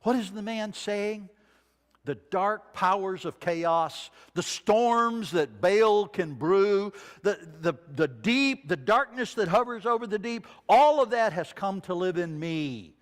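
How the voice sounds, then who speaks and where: A man preaching a sermon, reading scripture dramatically and dropping to a hush for quoted lines. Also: high-pitched, expressive, slow. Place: church sanctuary. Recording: long reverb of a church sanctuary.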